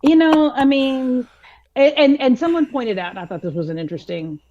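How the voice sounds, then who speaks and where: A woman guest on a talk radio show, soft-spoken and good-humored, laughing easily. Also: sits high, animated, brisk, dull audio, slight background noise. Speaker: guest, senator. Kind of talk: casual talk radio chat.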